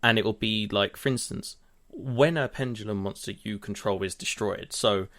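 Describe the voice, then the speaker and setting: A man's voice: on the low side, moderate pace, fairly bright tone. A man co-hosting a podcast, chatting casually and animatedly, swearing now and then. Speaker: podcast co-host. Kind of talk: casual chat.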